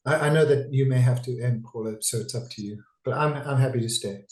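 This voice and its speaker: A man's voice: medium pitch, a little fast, darkish tone, roomy sound, low-quality recording. A man, a psychiatrist, giving a conversational webinar talk over a video call, digressive and full of restarts. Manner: talkative, digressive, with frequent restarts.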